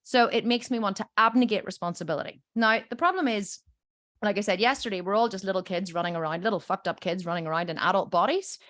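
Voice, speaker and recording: A woman's voice: medium pitch, fast, a bit bright, no echo, studio quality. A woman coach teaching a group, telling stories with lots of "okay?" and "right?" check-ins and acting out the voices in them. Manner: acts out voices in quotes.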